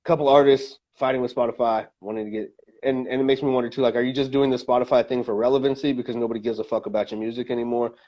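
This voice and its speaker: A man's voice: medium pitch, steady tone, rapid-fire, a little mellow. Opinionated man rambling on a podcast. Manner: opinionated, rambling with many fillers and restarts. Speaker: podcast co-host. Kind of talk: casual opinion chat.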